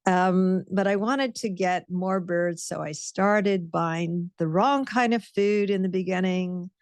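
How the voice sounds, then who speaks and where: A woman's voice: on the low side, takes it slowly, clear, resonant tone, no room sound. A woman giving a guest talk with slides, telling stories in a conversational, reflective way. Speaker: guest speaker, author.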